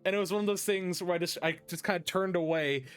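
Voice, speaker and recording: A man's voice: high-pitched, fairly even intonation, quick pace, clear, resonant tone, soft background music. A man hosting a podcast, chatting casually and telling stories with lots of restarts and fillers. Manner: rambling storyteller, many restarts and fillers. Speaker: podcast host. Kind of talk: casual chat.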